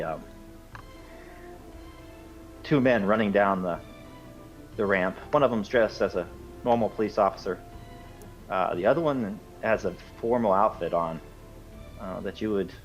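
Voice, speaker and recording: A man narrating as game master in a casual, rambling way with many fillers. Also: sits low. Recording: dull lo-fi sound with faint music.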